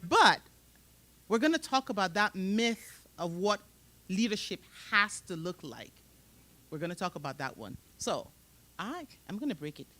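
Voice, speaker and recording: Woman moderator, mixed accent, lively swooping pitch, emphatic and laughing, conference-stage career talk. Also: unhurried. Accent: mixed, hard to place. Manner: emphatic and animated, laughs often. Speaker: panel moderator at a professional summit.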